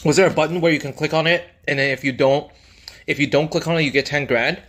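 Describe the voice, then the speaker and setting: A man's voice: fairly high pitch, steady tone, fast talker, fairly bright tone. A man co-hosting a food video, chatting casually between bites and telling rambling stories with lots of fillers. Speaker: mukbang co-host. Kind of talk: casual chat while eating. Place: indoors at a dining table.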